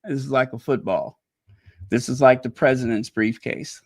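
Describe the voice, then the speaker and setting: A middle-aged man from Chicago telling a rambling personal story in a casual monologue, animated and quick to laugh at himself. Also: mid-range voice. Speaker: channel host.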